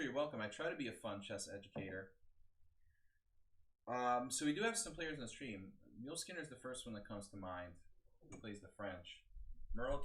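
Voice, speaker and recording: A man's voice: medium pitch, a bit bright. A man analyzing a chess game on a live stream, talking casually and thinking aloud with lots of fillers and restarts.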